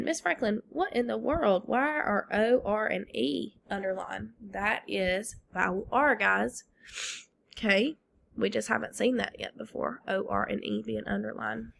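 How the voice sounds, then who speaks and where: Slow, gravelly-voiced woman teacher. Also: medium pitch, fairly bright tone, a little hiss or hum. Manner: leads call-and-response drills, praises answers. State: feeling unwell. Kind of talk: phonics lesson for children on video.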